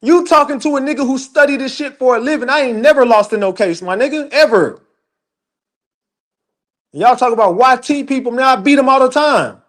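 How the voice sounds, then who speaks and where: A high-pitched man, mid-rant on a livestream. He talks in a heated, profane, emphatic way and answers his chat directly. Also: fairly quick. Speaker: livestream commentator.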